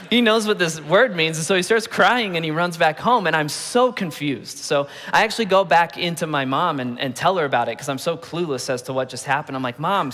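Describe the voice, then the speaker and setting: A man's voice: on the high side, fairly bright tone. A man in his thirties preaching a sermon, telling stories with playful asides and acting out the voices of the people in them. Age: 30s. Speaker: pastor. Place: large church auditorium. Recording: long reverb of a large church hall.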